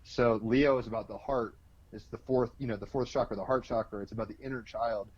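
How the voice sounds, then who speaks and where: A man talks through astrology as an interview guest, rambling in a loose, colloquial way with plenty of fillers. His pitch sits in a middle range. The sound is dull and lo-fi, with a dry, close feel. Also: steady tone, brisk, husky, no room sound. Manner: loose and colloquial, full of "like" and "you know", with mild swearing. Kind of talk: casual explanatory interview talk.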